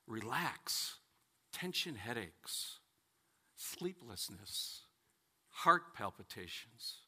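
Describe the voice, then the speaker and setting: A man preaching a sermon, telling stories and acting out their characters with dramatic pauses. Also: medium pitch, bright, forceful tone.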